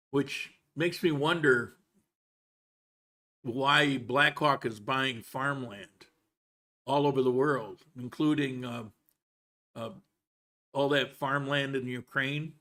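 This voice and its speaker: A man hosting a relaxed live chat stream from home, talking in a loose, rambling way. He wanders between thoughts and restarts his sentences, sometimes talking with his mouth full. His voice sits at an ordinary middle pitch. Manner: rambling, chatty, with frequent restarts; talks while eating. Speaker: livestream host. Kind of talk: casual livestream chat. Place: home in Colombia.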